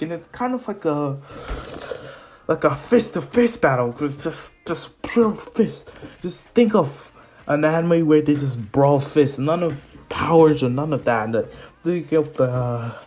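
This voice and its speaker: A man's voice: a little high, darkish tone. A man casually retelling an improvised anime fan story, rambling with restarts and laughs.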